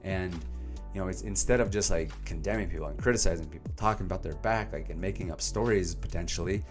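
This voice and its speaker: A young man in a casual vlog, summarizing a self-help book to camera with animated, emphatic delivery and plenty of fillers. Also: sits low, fast, over music. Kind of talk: casual energetic vlog talk.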